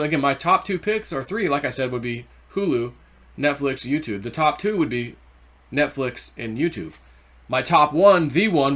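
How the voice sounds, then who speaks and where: A man hosting his own crypto channel, talking in a casual, rambling and excitable way with many restarts. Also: mid-range voice.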